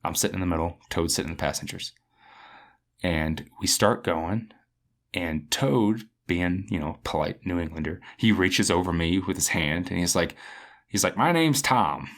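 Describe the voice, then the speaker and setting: A man's voice: low-pitched, normal speed. A man as a podcast guest, telling a story casually and acting out the people in it. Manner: animated, acts out the people in his stories.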